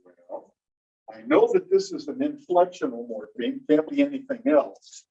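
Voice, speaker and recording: A fairly high-voiced man leads a classroom lecture, walking through each point in order and quizzing his students as he goes. He sounds distant and muffled, picked up by a phone set across the room. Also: huge pitch swings, normal speed, creaky, warm tone, husky. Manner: explains step by step, quizzes students. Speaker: teacher. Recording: dull phone recording from a distance.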